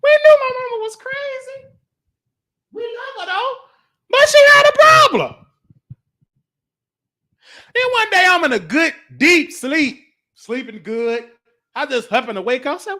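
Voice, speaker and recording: A man hosting his show, telling a comedic childhood story in an excitable, animated way. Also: very high-pitched, unhurried, pauses often. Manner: animated, excitable, talks back to the listener.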